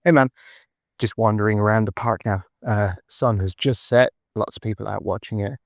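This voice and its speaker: A man's voice: lowish voice, moderate pace, gravelly, dry recording, studio quality. Rambling Irish man in a voice note. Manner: chatty, rambling. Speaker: podcast co-host. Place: park outdoors at dusk. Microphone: phone voice note.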